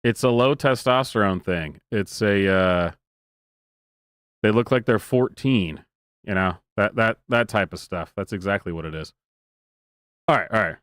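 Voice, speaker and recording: A man's voice: fairly low pitch, unhurried, long pauses, fairly bright tone, no echo, studio quality. A man in his thirties streaming live, reacting to clips with sarcastic, mocking commentary and frequent laughter. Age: 30s.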